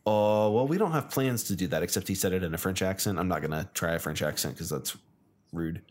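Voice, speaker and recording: A man from the United States, co-hosting a casual chat, chatty and quick to laugh. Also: low-pitched. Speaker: co-host.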